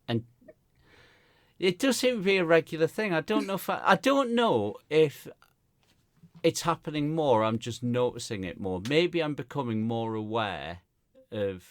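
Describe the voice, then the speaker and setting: This is a man from Gateshead in northeast England, a stand-up comedian co-hosting a podcast, who tells a gig story in casual chat. He's an animated storyteller who laughs often and acts out the people he quotes, speaking at medium pitch in a dry recording.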